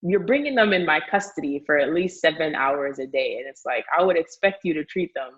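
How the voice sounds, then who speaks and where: Chatty husky woman teacher. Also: low-pitched, fairly quick, dull audio. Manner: animated storytelling, frequent "like", laughs often. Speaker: teacher, podcast guest. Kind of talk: casual conversation.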